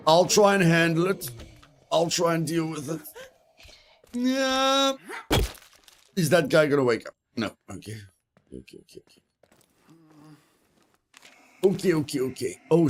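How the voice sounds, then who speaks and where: British male streamer, casual live commentary, mid-pitched, repeats himself while he plays. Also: a little hiss or hum. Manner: repeats phrases to himself, chatty with chat. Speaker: game streamer.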